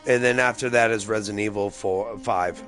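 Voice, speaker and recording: A man's voice: lowish voice, steady tone, a little fast, fairly bright tone, soft background music. Tipsy, rambling male gaming streamer. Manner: rambling, profane, loose. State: tipsy, slightly slurring. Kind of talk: casual gameplay commentary.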